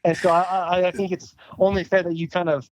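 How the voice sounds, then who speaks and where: A man's voice: sits high, level tone, a little fast, a little hiss or hum, rough recording. A man co-hosting a podcast, chatting casually and upbeat, hyping up his co-host. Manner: upbeat, hyping his friend, calls him dude. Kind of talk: casual chat.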